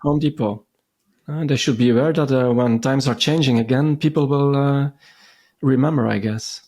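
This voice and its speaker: Man, podcast co-host, husky tone, hesitant measured talk. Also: mid-range voice, darkish tone. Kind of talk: casual podcast chat.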